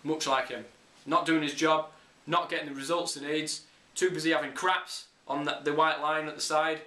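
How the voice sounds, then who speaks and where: A man's voice: a little high, steady tone, moderate pace, pushed and bright. A young English man ranting bluntly about football, sweary and opinionated. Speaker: football vlogger. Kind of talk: casual ranting monologue. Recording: echoey room.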